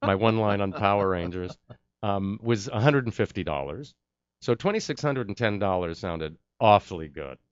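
An actor appearing as an interview guest tells an anecdote with animation, acting out the lines of the people in his story. His voice sits lowish and moves at a moderate pace with a clean tone. The recording is dry and the audio sounds dull.

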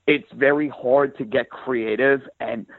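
A sports radio host with a New York accent, a rough-edged voice and an emphatic, plain-spoken way of talking, heard as an interview guest. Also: male voice, medium pitch, steady tone, measured pace, no room sound. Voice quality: rough around the edges voice. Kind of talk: interview guest, casual talk. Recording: phone line.

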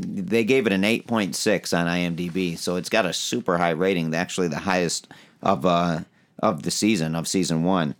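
A man with a very low voice co-hosts a podcast. He talks in a hesitant way, with frequent fillers and restarts, in relaxed chat. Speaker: podcast co-host. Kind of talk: casual chat.

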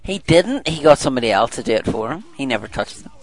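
A man's voice: mid-range voice, sing-song, fast, soft background music. A man co-hosting a casual podcast, joking and teasing his co-host. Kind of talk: casual chat.

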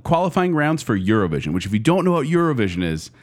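A man hosting a casual podcast talks fast through a music history, his mid-range voice swinging widely in pitch. He's chatty, filling his speech with fillers, trailing off and starting over.

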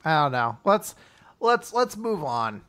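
A man co-hosting a casual manga discussion podcast, animated and joking, with halting restarts. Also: a little high. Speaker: podcast co-host.

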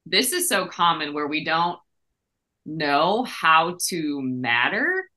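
A woman's voice: low-pitched, sing-song, slow pace, pushed and bright. A woman hosting a faith podcast, chatting animatedly, often adding "like" and "right?", with playful leaps in her voice. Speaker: podcast host. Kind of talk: conversational interview hosting.

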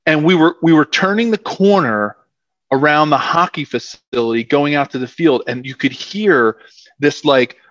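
Philly guy in his 50s rambling thru old football stories, bit high voice, muffled dry audio. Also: moderate pace, a bit bright, no echo. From South Philadelphia, USA. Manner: rambling, many fillers. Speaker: former football player, guest. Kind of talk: casual storytelling interview.

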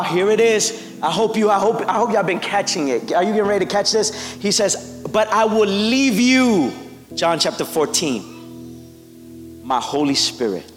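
Man preaching a sermon, high voice, echoing church hall, faint music underneath, bursts into shouts. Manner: preaching with rising shouts and acted-out quotes. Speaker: pastor. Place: church sanctuary.

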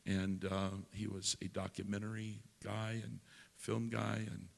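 An older man, a pastor, telling a story during a sermon in a folksy way, building into loud preaching. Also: on the low side, flat delivery, a little slow, gravelly, long reverb tail.

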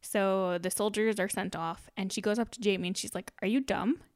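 A woman's voice: medium pitch, fairly even intonation, moderate pace. Young woman co-host, giggly, retells scenes in quoted lines. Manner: laughs often, narrates scenes in quoted lines. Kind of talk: casual recap chat.

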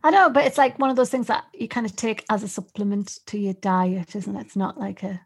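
A woman's voice: medium pitch, fairly even intonation, brisk, slightly rough. A woman in her fifties hosting a podcast and telling stories in a chatty way, laughing often. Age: 50s. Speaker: podcast host. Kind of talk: casual podcast chat.

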